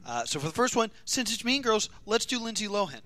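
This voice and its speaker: A man's voice: high voice, big pitch swings, fairly quick, bright, forceful tone. A man hosting a podcast, rambling through stories in a self-mocking, casual way. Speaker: podcast host.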